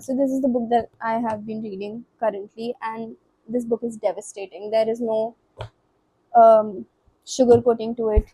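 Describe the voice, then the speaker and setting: A woman's voice: fairly high pitch, darkish tone, slightly rough, no echo, rough recording. A teenage woman from Delhi with an Indian English accent, chatting casually and rambling as she stumbles over words. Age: late teens. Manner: switches between English and Hindi mid-sentence. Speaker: book vlogger. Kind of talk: casual unscripted chat.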